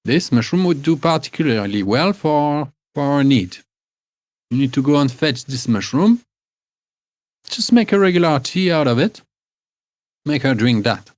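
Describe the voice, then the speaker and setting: A man voicing a bossy, shrewd old woman healer in a tabletop game, speaking high and fussy with many hesitations. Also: animated, unhurried, pauses often, dry recording. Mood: advising.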